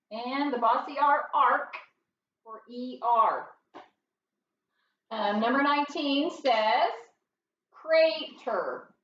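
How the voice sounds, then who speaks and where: A woman's voice: sits high, muffled recording, a little hiss or hum. A woman teaching a first grade phonics lesson, explaining each step patiently, recorded from a distance in a roomy space.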